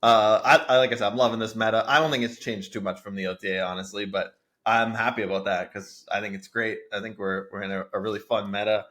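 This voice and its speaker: A man's voice: lowish voice, flat delivery, fast, a bit bright. A young man co-hosting a casual gaming podcast, laid-back and easygoing, often repeating himself. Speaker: podcast co-host.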